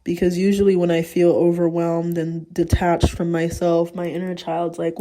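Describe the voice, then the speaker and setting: Candid, frank young woman with a low voice. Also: a little slow, a little mellow. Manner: candid and frank, swears freely. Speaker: podcast host. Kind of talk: casual solo monologue.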